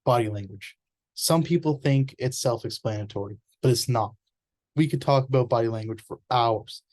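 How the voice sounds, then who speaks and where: A man explains a topic in an informal presentation, speaking earnestly and conversationally and catching himself mid-word now and then. His voice is warm and mellow, with a middling pitch. The sound is close and dry, with no room around it. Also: normal speed, no echo.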